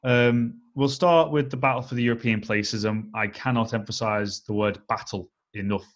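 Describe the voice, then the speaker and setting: A man co-hosting a casual football chat, weighing his points in a steady, analytical way with frequent "I think" and "um". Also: medium pitch, muffled recording. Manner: measured, analytical, leans on "I think" and "um". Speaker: podcast co-host.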